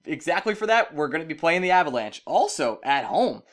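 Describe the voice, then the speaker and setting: A man's voice: fairly high pitch, very animated, brisk. A man co-hosting a casual sports podcast, playful and teasing, laughing often. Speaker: podcast co-host.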